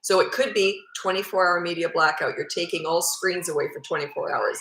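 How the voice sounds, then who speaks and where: A woman's voice: on the low side, fairly quick, fairly bright tone, roomy sound, poor audio. A woman in her fifties, a parenting coach, answering viewer questions in a blunt, matter-of-fact way. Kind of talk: casual Q&A advice.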